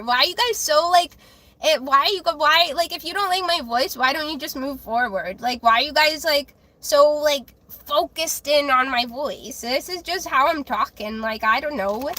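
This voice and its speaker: High bright-voiced woman tarot streamer. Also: lively intonation, normal speed. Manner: chatty, many fillers and restarts; blunt and defensive. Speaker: tarot reader hosting a live stream. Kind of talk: casual live-stream chat.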